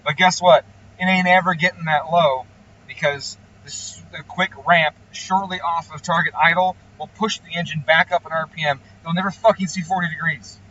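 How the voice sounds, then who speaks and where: A man with a bright, forceful voice rants bluntly and swears freely while explaining engine tuning. His voice sits a touch high for a man. He sounds slightly off the mic, muffled, with car noise under him. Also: fairly even intonation, normal speed, recorded from a distance. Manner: profane, ranting, blunt. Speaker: engine tuner. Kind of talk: casual explanatory vlog talk.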